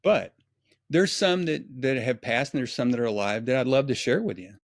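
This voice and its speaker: A man tells stories as a podcast guest, animated and acting out quoted dialogue. His pitch is middling and the sound is close and dry. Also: normal speed, no room sound. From East Texas. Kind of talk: casual storytelling.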